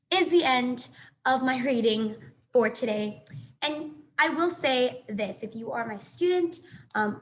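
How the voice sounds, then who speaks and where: Woman, teacher, children's read-aloud, encouraging, higher voice. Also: a little hiss or hum. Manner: warm, encouraging, speaks directly to students. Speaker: elementary school teacher.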